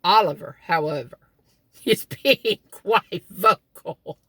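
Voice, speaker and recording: A woman's voice: lowish voice, slow, fairly bright tone, breathy edge, no echo. A middle-aged woman telling folksy family stories in a casual vlog, chuckling as she talks, sitting in a car. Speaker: vlogger. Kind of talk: casual storytelling.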